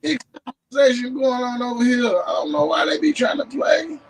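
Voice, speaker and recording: A man with a Tennessee accent showing off maps and artifacts in a casual vlog, animated and emphatic, breaking into shouts. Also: very high voice, brisk, a little hiss or hum, poor audio. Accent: Southern US, Tennessee. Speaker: history vlogger. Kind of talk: excited casual show-and-tell.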